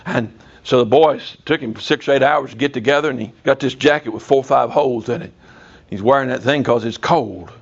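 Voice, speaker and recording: A man's voice: medium pitch, fairly quick, creaky, slightly rough, lo-fi sound. A man preaching to a congregation, telling stories in a folksy way and rising now and then to emphatic bursts. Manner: folksy storytelling with sudden emphatic rises. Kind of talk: sermon. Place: church before a congregation.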